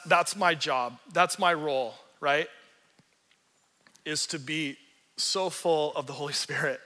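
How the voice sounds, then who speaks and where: A man pastor preaching a sermon in an animated, earnest storytelling way, acting out the quotes he tells. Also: a little high, in a large hall.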